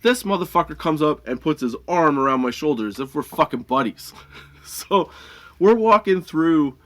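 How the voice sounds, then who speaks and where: A comedy podcast host with a fairly high, slightly bright voice speaks animatedly at a moderate pace. In a casual storytelling monologue, he tells a workplace story in a heated, profane, rambling way, laughing often between lines and full of restarts and fillers.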